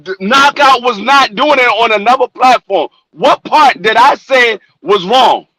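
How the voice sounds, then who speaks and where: A man's voice: very high-pitched, unhurried, sharp tone, dry recording, low-quality recording. A man on a boxing talk panel, combative and challenging, pressing his accusations again and again. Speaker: debate panelist. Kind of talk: heated panel debate.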